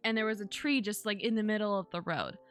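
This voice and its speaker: A woman's voice: medium pitch, fast talker, smooth, soft background music. A young woman streamer chatting casually, rambling with many fillers and restarts as she tells a story. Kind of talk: casual chat while streaming.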